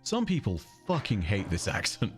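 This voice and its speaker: Lively deep-voiced southern English streamer. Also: male voice, moderate pace, faint music behind. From England. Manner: rambling, chatty, breaks off to react to the game. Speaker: game streamer. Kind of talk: casual livestream chat while gaming.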